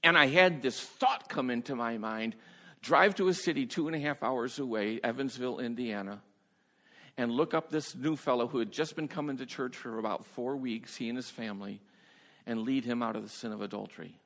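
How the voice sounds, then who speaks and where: A man preaching a sermon as a pastor, telling stories in an animated way, laughing often and stumbling over his first words. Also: medium pitch, brisk. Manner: animated storyteller, laughs often, repeats words when starting sentences. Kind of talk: sermon storytelling. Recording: long hall reverb.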